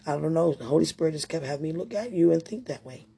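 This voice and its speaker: A woman's voice: low-pitched, animated, quick pace, creaky, dark tone, breathy edge. A woman giving an emotional personal testimony, talking straight to her partner in a heartfelt, rambling way with prayerful asides.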